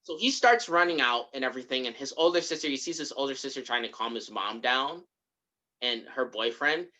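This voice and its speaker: A podcast co-host walking a friend through a movie they disliked, in a casual, chatty delivery. The voice has a bright, slightly sharp tone and a lively melody that rises and falls a lot. The host often slips into the characters' voices while telling the story. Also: mid-range voice, fairly quick. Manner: animated storyteller who acts out the characters' lines. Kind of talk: casual chat recapping a movie.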